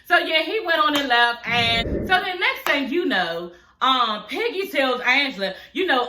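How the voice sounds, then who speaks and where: A woman's voice: sits high, very animated, unhurried, sharp tone, echoey room. A woman reviewing a TV episode in a casual, chatty way, often cursing, laughing and calling her viewers y'all and girl. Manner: laughs often while talking. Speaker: show recap vlogger.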